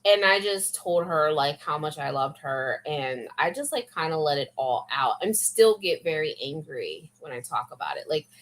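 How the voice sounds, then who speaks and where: A woman's voice: sits low, very animated, normal speed, few pauses, a bit bright. A young woman vlogger in casual, rambling, confessional chat full of fillers.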